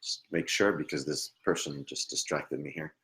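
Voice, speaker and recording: Low-voiced guy doing live psychic readings, hesitant, says sorry a lot, laughs, trails off quietly. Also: moderate pace. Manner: hesitant, apologetic, laughs often, trails into murmurs. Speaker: psychic medium. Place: at home at a computer.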